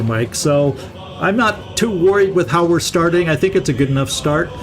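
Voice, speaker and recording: Middle-aged male let's-play host, slightly high voice, chatty and unhurried, thinks out loud and restarts his words; faint music underneath. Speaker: gaming channel host. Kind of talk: casual let's-play commentary.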